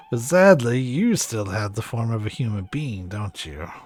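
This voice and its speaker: A man's voice: medium pitch, expressive, slow, darkish tone. A man reading aloud the lines of a sneering, gloating mad-scientist villain from a video game, repeating his words with cackling contempt.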